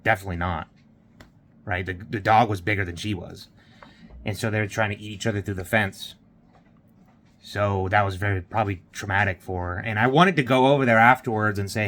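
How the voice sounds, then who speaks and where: A man's voice: on the low side, steady tone, moderate pace, long pauses, fairly bright tone. A man vlogging, retelling a morning story in a rambling way with lots of fillers and quoted dialogue. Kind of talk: casual vlog storytelling.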